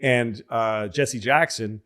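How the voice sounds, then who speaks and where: A man's voice: medium pitch, slow pace, a bit bright. A middle-aged man from Massachusetts spins rambling anecdotes as a guest on a casual podcast. He slips into the voices of the people in his stories and then drops back into his easygoing chat.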